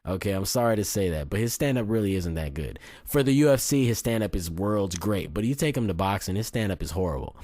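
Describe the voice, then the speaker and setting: A man's voice: on the low side, expressive, fast, hardly any pauses, a little mellow, dry recording. A man giving casual, opinionated fight predictions in a blunt, cocky way, often restarting sentences and swearing now and then. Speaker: fight commentator and video host.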